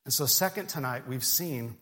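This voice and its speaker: A man preaching a sermon, reading scripture aloud in an earnest, measured way. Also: medium pitch, fairly bright tone. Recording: long hall reverb.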